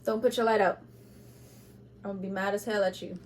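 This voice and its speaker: A woman giving an intuitive tarot reading to camera, speaking bluntly and with passion, moving between loud urging and quiet asides, with laughs between points. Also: medium pitch, fairly even intonation, fairly quick, a little hiss or hum. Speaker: tarot reader.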